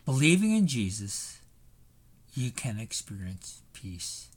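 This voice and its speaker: A man's voice: mid-range voice, big pitch swings, takes it slowly. A man preaching a sermon in a conversational way, thinking aloud with fillers and rhetorical questions. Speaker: pastor.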